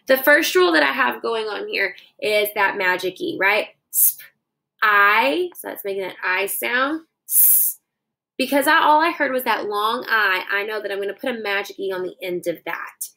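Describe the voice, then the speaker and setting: A woman's voice: medium pitch, moderate pace, vocal fry, bright, forceful tone, rough recording. A young woman teaching children a phonics dictation lesson, sounding out words syllable by syllable into her phone.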